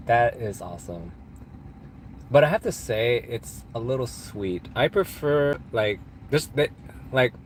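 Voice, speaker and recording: A man's voice: mid-range voice, slight background noise. A man from California hosting a casual livestream, rambling and joking while answering chat questions, his nose stuffed up from allergies. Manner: rambling, joking, laughs often. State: congested from allergies. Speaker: live-stream host answering chat. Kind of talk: casual live-stream chat.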